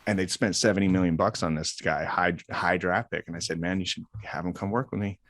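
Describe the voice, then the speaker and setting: Fast-talking deep-voiced man in his forties. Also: dry recording, studio quality. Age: 40s. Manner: animated storyteller acting out quoted dialogue. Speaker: life coach for athletes. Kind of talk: casual interview storytelling. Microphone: close podcast mic.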